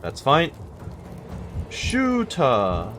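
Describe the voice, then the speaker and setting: A man's voice: medium pitch, wildly swooping pitch, very slow, fairly bright tone. Wry man muttering through gameplay. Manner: wry, muttered asides to himself. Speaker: gameplay video host. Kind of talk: casual gameplay commentary. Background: game music.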